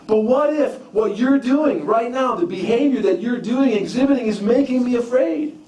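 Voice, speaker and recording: In a church sanctuary, a pastor gives a conversational sermon full of personal stories, often repeating and restarting his phrases. His voice is very high-pitched and darkish in tone, moving at a normal pace. The recording sounds distant and echoey.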